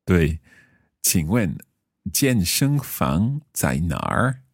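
A man's voice: low voice, wildly swooping pitch, vocal fry, slightly rough, no echo, studio quality, heavily acted. Man playing a polite foreign conference visitor. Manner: slow careful practice dialogue.

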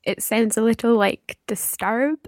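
A woman's voice: fairly high pitch, measured pace, no room sound, clean studio sound. Tentative female language learner. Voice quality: tentative, guesses answers aloud. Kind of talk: podcast language lesson.

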